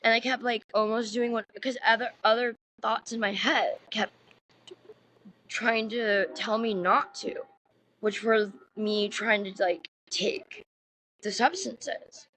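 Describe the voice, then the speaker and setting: A woman's voice: fairly high pitch, steady tone, slow pace, a bit bright, a little hiss or hum, rough recording. A woman co-hosting a podcast, chatting casually and rambling, with lots of fillers. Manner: rambling, chatty, full of fillers and acted quotes. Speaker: podcast co-host. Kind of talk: casual chat.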